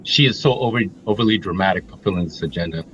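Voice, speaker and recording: A man's voice: low-pitched, fast, a bit bright, highs cut off, slight background noise. A middle-aged man co-hosting a reaction talk, emphatic and blunt, laying out his points one by one. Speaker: co-host. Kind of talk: opinionated reaction commentary.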